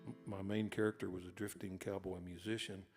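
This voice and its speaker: A man's voice: deep voice, flat delivery, fairly quick, darkish tone. A man, an author and singer-songwriter, telling folksy, rambling stories between songs at a live concert hall. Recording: long hall reverb with guitar.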